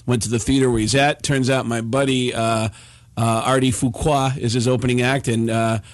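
A middle-aged man, a comedian, telling animated stories full of impressions in casual chat. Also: medium pitch, moderate pace, no room sound, clean studio sound. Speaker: comedian and podcast co-host.

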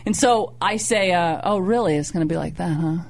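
A woman co-host telling a funny personal story in casual chat, acting out her own panicked voice with high squeals. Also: a little fast, creaky, slight background noise. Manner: animated, squeals in high pitch when acting out pain. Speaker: radio show co-host.

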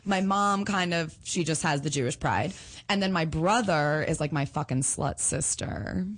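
A woman with a New York accent chats as a podcast guest in a low-pitched voice. She talks bluntly and swears freely, telling her stories with animated energy. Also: moderate pace. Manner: blunt and profane, animated storytelling. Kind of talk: casual chat.

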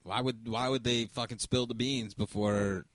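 A man's voice: medium pitch, steady tone, moderate pace, fairly bright tone, dry recording. A young man co-hosting a casual podcast, laid-back, swearing often and laughing along. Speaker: podcast co-host. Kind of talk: casual chat.

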